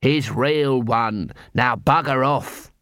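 A man voicing a nervous, secretive male clown who mumbles and hisses in a low voice. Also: takes it slowly, fairly bright tone, no echo, studio quality. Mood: hissing.

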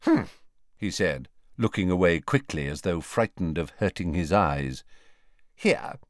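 A man narrating an audiobook in an unhurried, expressive storytelling voice. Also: low-pitched, no room sound, clean studio sound. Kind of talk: scripted narration.

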